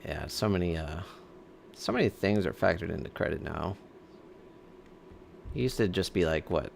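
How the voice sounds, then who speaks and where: A man with a very deep, gravelly voice, chatting casually on a game stream. He breaks in with quick questions between reactions to the game, over a faint hiss. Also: expressive. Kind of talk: casual chat over gameplay.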